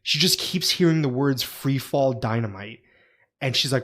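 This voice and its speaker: A man's voice: medium pitch, normal speed. A man co-hosting a podcast, telling stories in casual, profane chat. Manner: profane, animated storyteller. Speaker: podcast co-host.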